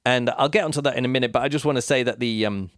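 A man with a smooth, resonant voice talks through a book review in a loose, rambling way, pausing and circling back as he thinks aloud. The sound is close and dry, with no room around it. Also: medium pitch, dry recording. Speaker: podcast host reviewing books. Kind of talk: casual spoken book review.

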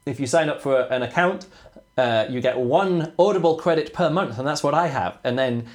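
A man's voice: mid-range voice, moderate pace. Chatty man, rambling book talk. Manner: rambling, restarts and trails off mid-sentence. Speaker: podcast host reviewing books. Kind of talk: casual chat.

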